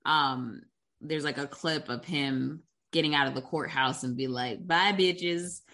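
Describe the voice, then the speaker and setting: A woman's voice: very deep voice, steady tone, unhurried, fairly bright tone. A woman co-hosting a casual movie-review chat, laying out plot points and facts. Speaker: podcast co-host.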